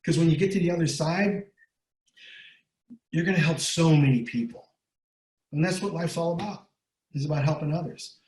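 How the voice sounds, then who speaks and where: With long pauses and a moderate pace, a middle-aged man speaks in a somewhat high, slightly mellow voice. He is an interview guest, a guest speaker and recovery coach, whose motivational talk pushes hard, repeats words, and keeps returning to "right?" The recording is rough and reverberant.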